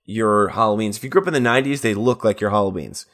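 A man in his thirties co-hosting a podcast in casual banter, jokey and quick to slip into goofy voices. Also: lowish voice. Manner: animated, jokey, breaks into goofy put-on voices. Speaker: podcast co-host.

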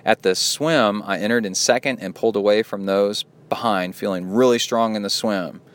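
Laid-back low-voiced male podcast host. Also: moderate pace. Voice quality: soothing. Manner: playful, jokey asides. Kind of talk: casual podcast chat, reading listener emails.

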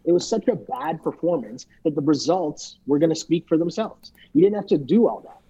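A man's voice: on the high side, expressive, brisk, mellow, breathy edge. A man co-hosting a podcast, chatting loosely and joking as he recaps and mimics people. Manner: rambling, joking, imitates people he talks about. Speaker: podcast co-host. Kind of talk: casual podcast recap chat. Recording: dull lo-fi mic sound.

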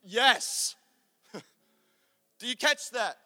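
A young man preaching a sermon, telling a story about his father and acting out his dad's lines in a low gruff tone. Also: animated, extremely slow, bright, forceful tone. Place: church. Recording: echoey church hall.

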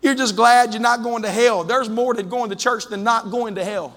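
Fervent high-voiced preacher man. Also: normal speed, few pauses, a crowd in the background, noisy background. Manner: fervent, rising to shouts, calling out to the congregation. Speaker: pastor. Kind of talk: Pentecostal sermon. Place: church sanctuary.

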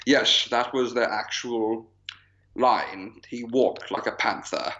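A man's voice: mid-range voice, steady tone, takes it slowly, bright, forceful tone, muffled recording. A man co-hosting a podcast, chatting casually about films and laughing often. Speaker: podcast co-host. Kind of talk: casual chat.

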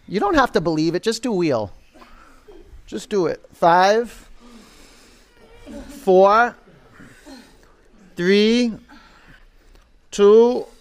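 A man with a somewhat high voice leads a yoga class in a studio. He calls out poses, counts down each hold and jokes and pushes his students in a coaching manner. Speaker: yoga instructor. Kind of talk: live class instruction.

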